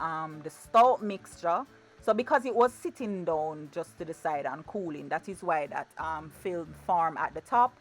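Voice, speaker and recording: A woman giving a chatty, playful cooking demonstration in her home kitchen, often repeating her words. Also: on the low side. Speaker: cooking vlogger.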